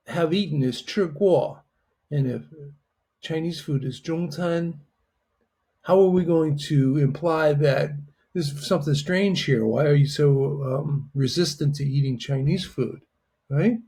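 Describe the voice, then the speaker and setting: A man's voice: a little high, slow, mellow, breathy edge. A man teaching a Chinese lesson in a patient, explanatory way, often checking in with "right?". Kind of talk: online language lesson.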